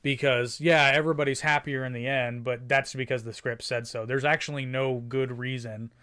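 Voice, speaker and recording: A man's voice: medium pitch, level tone, normal speed, bright, forceful tone, smooth. Rambling man in casual movie chat. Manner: rambling, quotes movie lines in silly voices. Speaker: podcast co-host.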